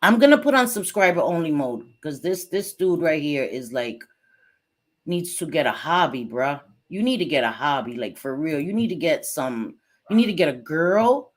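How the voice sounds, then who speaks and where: A woman's voice: low voice, expressive, normal speed. A young woman hosting a casual livestream, chatty and sassy, dropping Spanish phrases and apologizing between rants. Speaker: livestream host.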